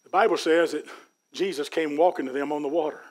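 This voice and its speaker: A man preaching a sermon in a church, folksy and rising to loud peaks. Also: fairly high pitch, quick pace. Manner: folksy preaching, Southern US dialect, builds to shouts. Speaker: pastor. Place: church sanctuary.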